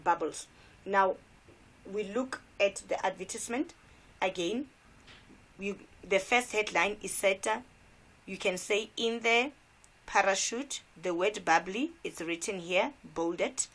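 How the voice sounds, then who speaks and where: A woman's voice: mid-range voice, measured pace, a bit bright. A South African woman teacher giving an exam revision lesson, repeating key points and asking rhetorical questions.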